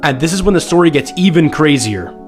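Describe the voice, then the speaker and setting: A man reading a scripted story at a steady, even pace. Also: fairly high pitch, a little fast, faint music behind. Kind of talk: scripted narration.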